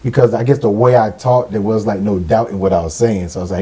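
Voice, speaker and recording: Fast-talking man with a dark voice. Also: lowish voice, rough recording. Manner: blunt, animated storytelling with quoted dialogue. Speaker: podcast co-host. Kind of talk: casual chat.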